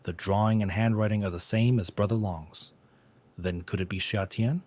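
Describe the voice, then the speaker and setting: An irritated young woman gang boss muttering in exasperation in a story recap, read by a man in his low voice. There is no real shift into a female voice. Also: fairly even intonation, moderate pace, a little mellow, natural voice. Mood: puzzled.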